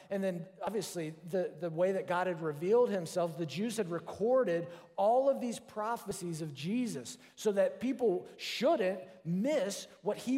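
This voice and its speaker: Male pastor, earnest sermon delivery, slightly high voice, reverberant church hall sound. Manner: earnest, drops to a soft hush for quoted prayers.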